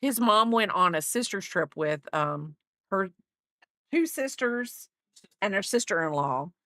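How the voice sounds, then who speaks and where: A woman's voice: medium pitch, expressive, unhurried, sharp tone, no echo, clean studio sound. A middle-aged woman hosting a crochet livestream, chatting casually and teasing, often laughing. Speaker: livestream host. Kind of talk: casual chat while crocheting on stream.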